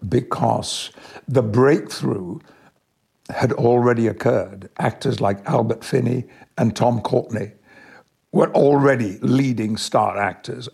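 Gravelly, husky older man telling stories. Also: medium pitch, a little mellow. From Yorkshire, England. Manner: measured, anecdotal, thoughtful. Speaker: actor, guest. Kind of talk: reflective interview storytelling.

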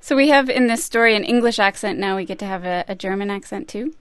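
Lively woman co-hosting a radio show. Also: medium pitch, fast talker, clean tone, no room sound, studio quality. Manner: lively, curious, expressive. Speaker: radio reporter and co-host. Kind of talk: radio narration and interviewing.

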